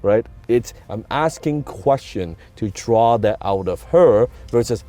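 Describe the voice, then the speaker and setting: A man's voice: medium pitch, animated, takes it slowly, few pauses, warm tone, soft background music. A man with a non-native English accent gives an emphatic motivational talk, repeating key words and asking rhetorical questions. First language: not English. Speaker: business and communication coach.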